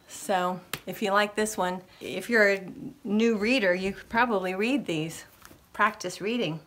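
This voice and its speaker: A middle-aged woman reading a picture book aloud to young children as a librarian, with slow, expressive delivery. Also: mid-range voice, slight background noise. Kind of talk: children's storytime read-aloud.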